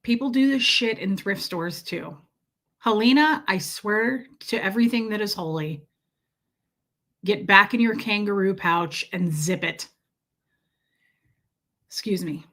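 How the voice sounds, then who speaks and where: Female streamer, mid-pitched, foul-mouthed comic ranter, loud-then-muttering delivery. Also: a little slow, pauses often. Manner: profane, exaggerated, repeats herself for emphasis; swings between loud outbursts and muttered asides. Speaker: livestream host. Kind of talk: comedic rant to a livestream audience.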